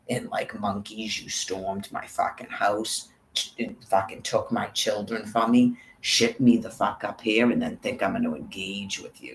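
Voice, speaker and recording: A man's voice: fairly low pitch, fairly even intonation, normal speed, reverberant, slight background noise, poor audio. A man vlogging on a walk, talking in a rambling, profane monologue and calling out viewers by name. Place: outdoors on a walk.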